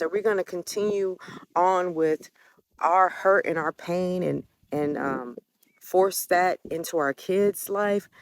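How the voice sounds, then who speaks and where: A woman's voice: fairly low pitch, dry recording, clean studio sound. A woman telling a personal family story, candid and emotional, swearing freely as she gets indignant. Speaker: adult child recounting family conflict.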